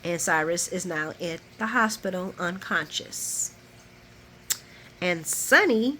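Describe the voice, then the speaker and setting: A woman vlogger giving a chatty, animated recap of a soap opera episode. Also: fairly low pitch, takes it slowly, slight background noise.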